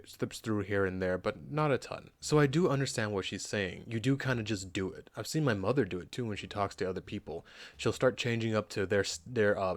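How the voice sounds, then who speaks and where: An American man who hosts a reaction channel, reading a Reddit post aloud and then giving his casual, rambling take. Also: on the low side. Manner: chatty and rambling, with frequent restarts.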